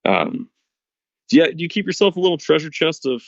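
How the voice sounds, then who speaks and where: A man's voice: fairly high pitch, big pitch swings, brisk, vocal fry, no room sound, highs cut off. A man guest on a podcast, earnestly telling a hunting story step by step, with many restarts. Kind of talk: casual storytelling interview.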